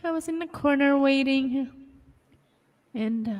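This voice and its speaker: A woman's voice: high voice, unhurried, a little mellow, long reverb tail, faint music behind. A woman chatting on a live stream, emotional and close to tears, laughing through her words. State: tearful, close to crying. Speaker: singer and live-stream co-host. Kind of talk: casual live-stream chat.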